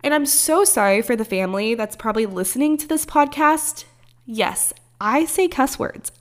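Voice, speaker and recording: A woman's voice: a little high, lively intonation, normal speed. A woman in her early twenties hosting a podcast in a casual, rambling way, swearing freely as she talks. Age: early 20s. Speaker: podcast host.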